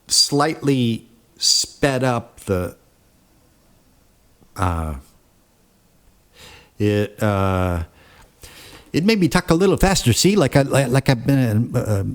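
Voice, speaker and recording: At his home computer setup, a man runs a casual software tutorial, rambling through the steps with plenty of fillers and self-corrections. His voice is mid-range.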